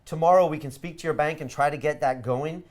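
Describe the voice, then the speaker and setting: A man hosting a live online course webinar, giving a punchy, persuasive sales pitch. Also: fast talker. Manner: energetic, emphatic, persuasive. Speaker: course host.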